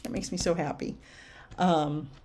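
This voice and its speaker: An older woman working as a medium, giving readings and answering viewer questions on a livestream in a slow, musing way with soft laughs. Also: deep voice, steady tone, a little hiss or hum.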